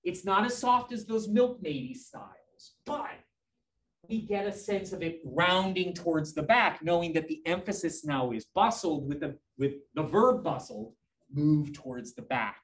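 A man's voice: on the high side, expressive, measured pace. A man giving a live class lecture on slides, enthusiastic, often pointing things out and checking in with the listeners, and answering student questions conversationally. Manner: enthusiastic, keeps prompting listeners with "notice" and "right?". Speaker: lecturer on fashion history.

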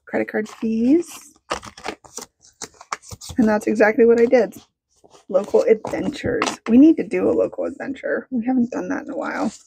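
A woman budgeting vlogger chatting casually as she counts cash, bubbly and excitable, talking to herself as she goes. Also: on the high side, moderate pace, gravelly, pauses often, slight background noise. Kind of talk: casual vlog chat while counting cash.

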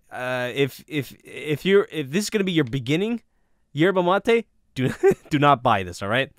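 A man's voice: mid-range voice, a bit bright, no echo, studio quality. A man casually reviewing a product, rambling with many fillers and restarts.

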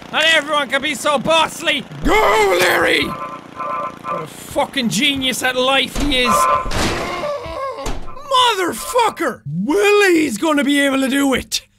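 A man giving loud, excitable let's-play commentary, shouting, swearing and joking as he plays. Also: very high-pitched, unhurried. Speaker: gaming video host. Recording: noisy recording.

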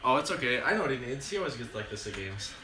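Brief: young man, mid-pitched, loud teasing banter, distant in an echoey, noisy room. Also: sing-song, racing. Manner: rowdy, teasing, swearing. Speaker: friend in comedy skit. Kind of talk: amateur comedy skit acting. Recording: echoey room, off-mic, with background noise.

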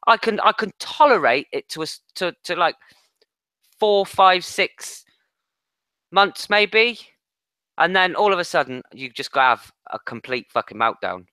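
A man's voice: sits high, lively intonation, a little slow, bright, forceful tone, dry recording. A man co-hosting a late-night football podcast, blunt and sweary, often restarting his sentences. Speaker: podcast co-host. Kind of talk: casual late-night chat.

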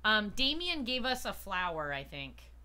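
A woman's voice: mid-range voice, very animated, measured pace, pushed and bright, clean tone. A woman streamer reading a dating game's narration aloud in a playful, jokey way, mixing in her own remarks. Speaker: game streamer.

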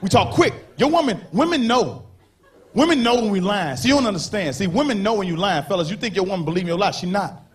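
A man doing a stand-up comedy set on a stage, loud and animated, shouting punchlines and acting out characters. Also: high-pitched, fast talker. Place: comedy stage before a live audience. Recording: live show with crowd noise. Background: audience laughter.

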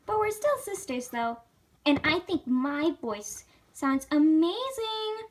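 A squeaky, very high little cartoon filly pony, as a woman puts her on. Her voice bounces lively up and down, chirpy and eager. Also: slow, full character voice. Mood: excited. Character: chirpy young filly pony, sister of a fashionista.

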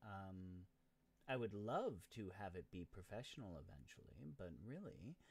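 A man's voice: sits low, sing-song, moderate pace, gravelly, slightly rough. Sarcastic man commentating a game. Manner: sarcastic, exclaiming, swears freely. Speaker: let's play host. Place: home setup on a rolling chair.

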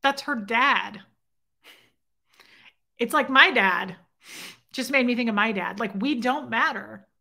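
A woman's voice: on the high side, takes it slowly, gravelly, pauses often. A young adult woman hosting her own show, casually retelling a personal encounter and acting out both sides of the conversation for her viewers. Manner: animated retelling with quoted dialogue and side remarks to chat. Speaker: host.

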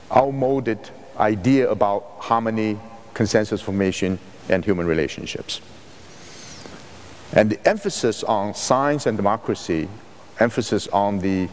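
A man giving an academic lecture in a measured, halting way, often rephrasing mid-sentence. His first language is Chinese. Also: fairly low pitch, darkish tone. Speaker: university lecturer. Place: lecture hall. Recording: reverberant lecture hall recording.

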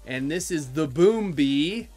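A woman hosting her own channel, opening fan mail and artwork from viewers, bubbly and quick to exclaim, her voice leaping up in pitch when she is surprised. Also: animated, darkish tone, breathy edge, soft background music. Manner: bubbly, exclaims often, jumps high in pitch. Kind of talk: excited casual vlog.

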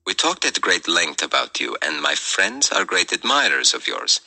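A man voicing an excited woman contact who speaks in an unusually formal, cryptic manner. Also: sits low, moderate pace, vocal fry, exaggerated voice, poor audio.

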